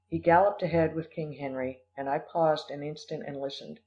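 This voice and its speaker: A man reads an audiobook aloud in a measured, expressive storytelling style. His voice sits somewhat high, and the recording sounds dull and lo-fi. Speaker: audiobook narrator. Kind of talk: audiobook reading.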